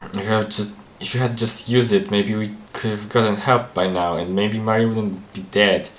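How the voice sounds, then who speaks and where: A man's voice: lowish voice, fairly even intonation, normal speed, fairly bright tone, lightly acted. A man voicing a harsh student who blames others and swears, in a game dub. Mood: furious. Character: furious accusing student, harsh and blaming.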